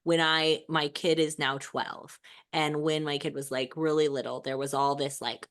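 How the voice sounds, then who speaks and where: A woman's voice: low voice, flat delivery, moderate pace. A woman hosting a podcast over a video call, talking in a casual, reflective way with many fillers. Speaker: podcast host. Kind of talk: casual conversation.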